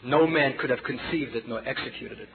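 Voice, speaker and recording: A man with a Brooklyn accent preaching a sermon, telling a story dramatically and dropping from loud to hushed as he addresses the congregation as children. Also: medium pitch, fairly quick, gravelly, crowd noise. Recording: tinny phone-like sound with audience.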